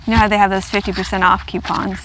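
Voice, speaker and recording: A woman host talks through her vlog from a car, unboxing gifts and gushing with delight. Her voice sits at an ordinary middle pitch and often jumps higher as she gasps and exclaims. A faint background noise runs under her voice. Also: flat delivery, quick pace, a bit bright. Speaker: yoga vlogger.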